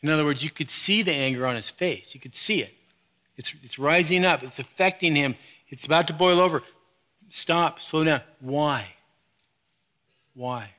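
A middle-aged man preaching a sermon, moving between quiet low stretches and loud, high, animated bursts. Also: a little fast. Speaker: pastor.

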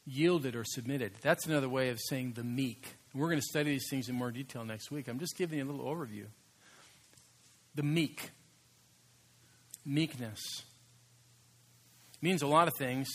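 A man preaching a sermon as pastor, conversational and emphatic, slowing down to stress key words. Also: mid-range voice, breathy edge.

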